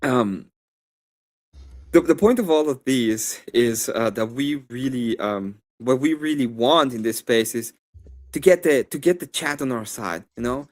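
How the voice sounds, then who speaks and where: A man with a Spanish accent, debating on a live stream in a rambling, animated way with many fillers and restarts. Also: medium pitch, a little slow.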